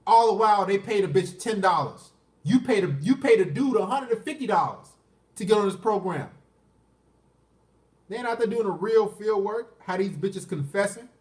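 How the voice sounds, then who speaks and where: A man's voice: sits high, lively intonation, brisk, recorded from a distance. A man, ranting crudely on a livestream and answering chat questions. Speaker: dating commentary streamer. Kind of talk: unscripted livestream rant. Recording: roomy echo, off the mic.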